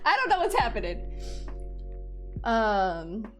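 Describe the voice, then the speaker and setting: A woman's voice: fairly high pitch, big pitch swings, takes it slowly, a bit bright. A young woman streaming a game, chatting casually with her viewers and laughing often. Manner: chatty and giggly, talking to chat. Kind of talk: casual live-stream chat while gaming. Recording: faint music in background.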